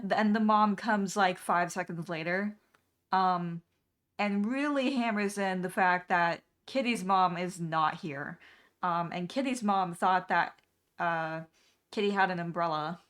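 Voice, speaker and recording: A woman's voice: mid-range voice, a bit bright, clear, resonant tone. A young adult woman streaming, casually retelling a cartoon episode in a rambling way, full of filler words. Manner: rambling, full of "um" and "like", laughing at the plot. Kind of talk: casual storytelling recap.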